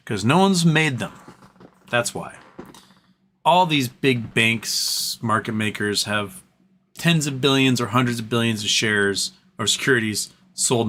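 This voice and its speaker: A man hosting a casual live stream, rambling with lots of fillers and a tired, throat-clearing voice, in a room at home. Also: medium pitch, sharp tone, slight background noise. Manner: rambling, trails off, many fillers. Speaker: livestream host. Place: home room with a fan running.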